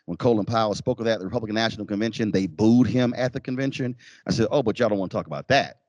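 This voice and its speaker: A man's voice: lowish voice, rapid-fire, no room sound, highs cut off. A man giving a university keynote lecture, telling stories and acting out what other people said in shifting voices. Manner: animated, acts out quotes in shifting voices. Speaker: keynote speaker. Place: lecture hall.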